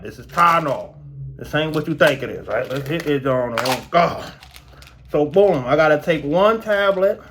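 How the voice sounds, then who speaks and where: A young man vlogging casually to his viewers about his dental work, slangy and animated, his mouth still sore. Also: on the high side, slight background noise. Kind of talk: casual storytelling vlog.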